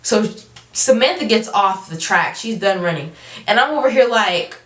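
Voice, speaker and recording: A young adult woman telling a storytime vlog, animated and emphatic, with casual slang. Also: mid-range voice, moderate pace. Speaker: vlogger. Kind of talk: storytime monologue. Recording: roomy, from a distance.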